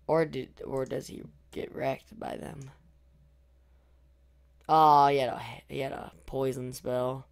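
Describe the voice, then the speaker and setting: A young man talks through his own gameplay in a loose, excitable way, drifting into mumbles and then shouting with delight. His voice is hoarse but still smooth and clear, at a middling pitch. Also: slow pace, pauses often. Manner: excitable, swings from mumbling to loud cheering. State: losing his voice. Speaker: gaming YouTuber. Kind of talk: casual gameplay commentary.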